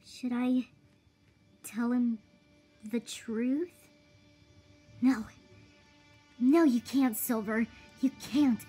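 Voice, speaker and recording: A woman's voice: sits high, dark tone, breathy edge, full character voice. A woman voicing a nervous, secretive female bird who stammers when flustered, in a fan cartoon. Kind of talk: fan-made cartoon voice acting.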